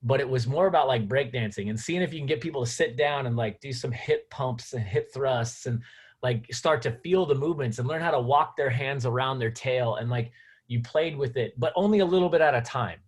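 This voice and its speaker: A man drops into a video call to share a teaching idea. His voice is mid-pitched and easygoing. He rambles enthusiastically through the drill step by step. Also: brisk, husky. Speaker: session host and snowboard trainer. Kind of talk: casual chat on a video call.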